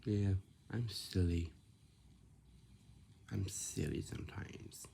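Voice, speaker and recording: A man's voice: deep voice, takes it slowly, creaky, dark tone, slight background noise. A man chatting casually and rambling, repeating himself and often restarting his sentences.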